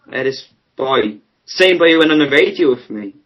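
A man's voice: medium pitch, expressive, moderate pace, a crowd in the background, low-quality recording. Rambling teen boy storyteller. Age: teenager, about fifteen. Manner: rambling, storytelling, laughs at himself. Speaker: podcast co-host telling stories. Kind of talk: casual chat among friends.

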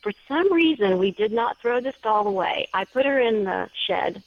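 A woman's voice: medium pitch, expressive, normal speed, no room sound. Chatty woman telling a strange story. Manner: chatty storyteller, many small restarts. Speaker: guest, paranormal story writer. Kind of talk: casual storytelling interview. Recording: dry, slightly dull lo-fi sound.

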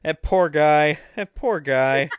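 High-pitched joking man, smooth dry voice. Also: slow. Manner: jokey, sarcastic, loud bursts of exclamation. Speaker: podcast host. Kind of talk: casual chat.

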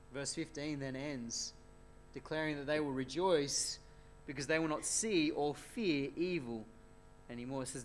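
Man preaching, fairly high voice. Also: fairly bright tone, slight background noise. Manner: earnest expository preaching with rhetorical tag questions. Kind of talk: sermon.

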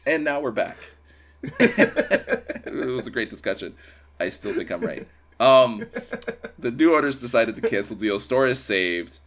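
A man co-hosting a podcast, recapping a film in casual chat with wry, deadpan build-ups and laughter. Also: medium pitch, unhurried, pauses often. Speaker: podcast co-host.

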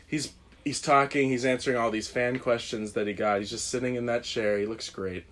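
A man's voice: mid-range voice, fairly even intonation, fairly quick, a bit bright, a little hiss or hum. A young man casually telling a rambling, self-deprecating story on a podcast, often laughing. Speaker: guest.

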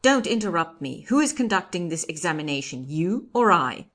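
A woman's voice: on the low side, very animated, moderate pace, a bit bright, heavily acted. A woman doing a blustering, pompous French judge. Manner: blustering, accusing, talks over others.

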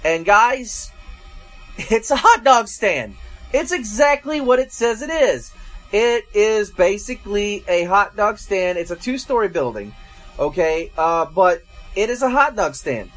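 A man's voice: sits high, very animated, a little slow, fairly bright tone, faint music behind. A man from Georgia, hosting a casual food review and chatting to viewers as folks and guys. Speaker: food reviewer, show host.

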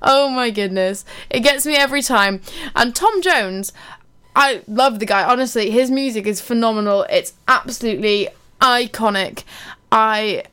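A woman's voice: fairly high pitch, normal speed, a bit bright, clear, resonant tone. A woman presenting a local radio show, chatting casually between songs, giggly and rambling with many fillers.

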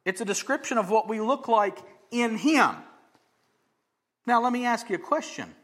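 A man with a notably high voice delivers a sermon. He moves between hushed, almost whispered passages and loud, emphatic lines, and he briefly acts out the people in his story. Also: lively intonation, fairly quick. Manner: dynamic preacher, swings from loud emphasis to hushed near-whisper; acts out quoted voices of crowds and Jesus. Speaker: pastor.

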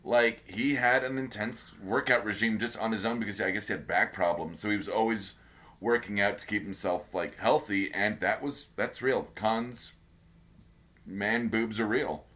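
A man's voice: on the low side, moderate pace, bright, forceful tone. Rambling man chatting on a podcast. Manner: rambling, many fillers and restarts. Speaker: podcast co-host. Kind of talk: casual chat.

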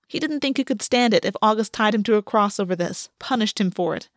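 A woman narrating a work of fiction in an audiobook reading, measured and slowing on the emotional beats. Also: mid-range voice, dry recording, studio quality.

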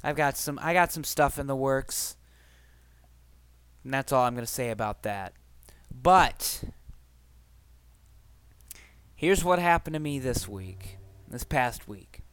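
Smooth-voiced man rambling on a podcast. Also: mid-range voice, lively intonation, unhurried, fairly bright tone, dry recording. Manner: rambling, profane, conversational. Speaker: podcast host. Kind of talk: casual solo podcast chat.

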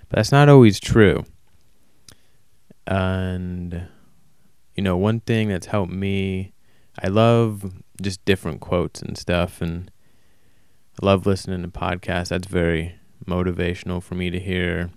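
A man talking alone in a casual, rambling monologue, flat and self-described as monotone, often stopping to correct himself. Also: deep voice, measured pace, smooth, no room sound, studio quality. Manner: casual, swears. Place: warm indoor room.

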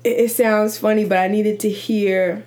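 A woman hosting a casual chat, relaxed and supportive, who reacts briefly and then tells her own side of a story. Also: mid-range voice, moderate pace. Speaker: host.

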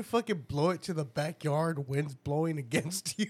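A man's voice: a little high, moderate pace. A man telling profane stories in casual chat, laughing often.

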